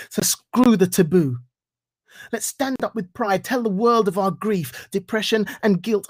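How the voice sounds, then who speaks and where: A man giving a reflective talk and reciting spoken-word poetry in an earnest, rhythmic way with deliberate pauses. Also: high voice. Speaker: guest speaker.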